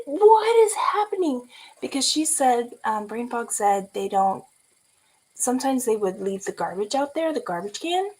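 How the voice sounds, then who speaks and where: A woman's voice: mid-range voice, husky, rough recording. A woman in her forties from California, telling a story in a casual vlog and laughing often. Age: 40s. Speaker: vlogger.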